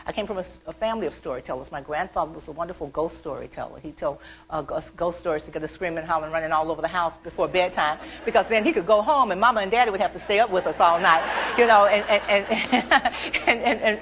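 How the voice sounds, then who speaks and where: A middle-aged woman from the American South, an author telling animated stories about her childhood at a library event. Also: lowish voice, slight background noise, low-quality recording. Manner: chatty, animated, acts out childhood quotes. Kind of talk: storytelling talk.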